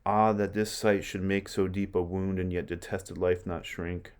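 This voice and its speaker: A sorrowful older Roman brother speaks in measured verse, as a man reads his part aloud. The voice is low and even. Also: close to an everyday voice.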